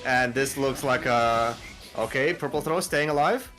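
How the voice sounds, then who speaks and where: A young man calling a fighting game match live, excitable and quick to jump up at big moments. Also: mid-range voice, soft background music. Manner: excitable, calls plays, swings up to near shouts. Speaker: esports play-by-play commentator.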